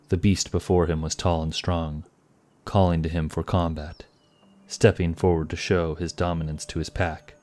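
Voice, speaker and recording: A man narrating a fantasy story in a measured, scripted way. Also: deep voice, flat delivery, darkish tone.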